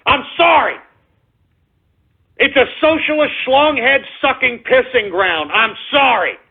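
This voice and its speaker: A man hosting a radio show, delivering a loud, crude, mocking rant that swells into sudden shouts. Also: very high-pitched, measured pace, slightly rough. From United States. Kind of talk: ranting talk radio monologue. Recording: phone-like narrow-band audio.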